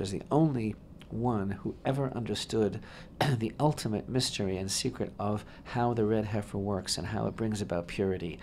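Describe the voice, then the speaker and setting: A man with a low, gravelly voice leads a radio discussion of scripture, building long, wordy sentences and leaning hard on key phrases. He often circles back and repeats himself as he works toward a point. A faint hiss sits under the recording. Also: a little mellow. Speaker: rabbi co-host. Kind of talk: Torah discussion on talk radio.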